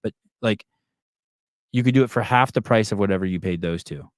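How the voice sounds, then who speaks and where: A man's voice: on the low side, a little fast, dry recording, studio quality. A man hosting a podcast, ranting in casual talk and swearing constantly. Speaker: podcast host. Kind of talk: profane casual podcast rant.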